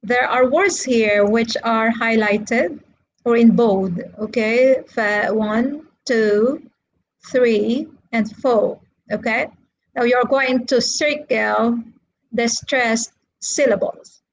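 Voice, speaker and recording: A woman's voice: fairly high pitch, low-quality recording. A woman teaching an English lesson in a live-streamed online class, patient and checking in with her students often. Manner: slow, patient, checks in with frequent "okay" and "right".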